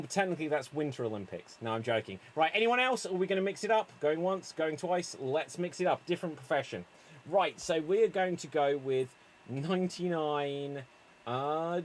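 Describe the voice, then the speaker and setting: Lively man hosting an improv show. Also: a little high, slight background noise. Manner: upbeat, quick to laugh. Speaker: improv host. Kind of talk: live online improv show.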